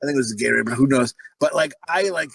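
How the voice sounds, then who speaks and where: In rapid-fire bursts, a medium-pitched, gravelly, husky voice belongs to a podcast co-host swapping crude stories in casual comedic chat. He laughs as he goes and acts out the different voices. The recording is rough but has no echo.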